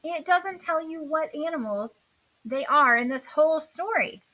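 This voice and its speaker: Lady reading a kids' book aloud, slow and high-pitched. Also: low-quality recording. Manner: slow, expressive read-aloud. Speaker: storyteller.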